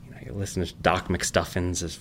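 A man in his thirties chatting casually and rambling, telling family stories with animated, high-pitched quoted voices. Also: fast talker, a little hiss or hum. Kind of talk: casual chat.

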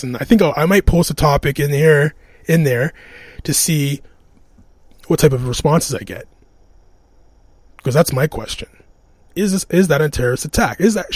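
A man's voice: mid-range voice, husky, no room sound. A man talks into a close, dry podcast mic, chatting loosely as he tells a story. His voice sits in a middle range, and he laughs often and restarts his sentences as he goes. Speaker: podcast host. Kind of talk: casual storytelling monologue.

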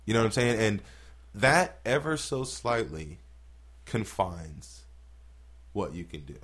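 Here the comedian's voice sits on the low side and moves slowly. He spins casual podcast stories, cursing freely and performing the quotes of the people involved with profane energy.

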